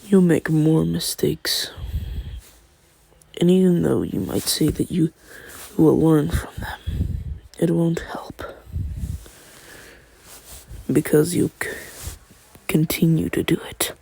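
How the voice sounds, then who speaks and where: A man voicing a bleak boy who lectures in a hushed, flat whisper. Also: a little high, takes it slowly, creaky, long pauses, heavily acted, low-quality recording. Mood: cold.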